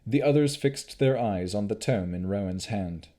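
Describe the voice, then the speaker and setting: A man narrating an audiobook of a fantasy novel in a measured, deliberate reading. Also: lowish voice, dark tone.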